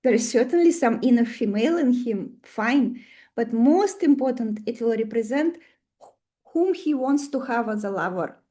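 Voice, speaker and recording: A woman's voice: fairly high pitch, expressive, normal speed, warm tone. A woman with a Russian accent teaching an online astrology class. She talks in a chatty way and keeps asking the class questions.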